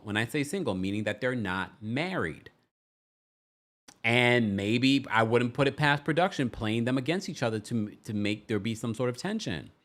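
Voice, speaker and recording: A man hosting a casual live-stream recap of a reality show, chatty and playful, reading viewer comments and doing quick quoted voices. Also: medium pitch, fairly bright tone.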